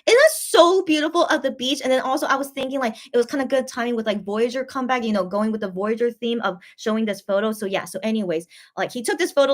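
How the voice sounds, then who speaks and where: A woman hosting a casual livestream, chatting in a rambling, gushing way and reading viewer comments aloud. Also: a little high. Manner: gushing and easily moved. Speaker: host.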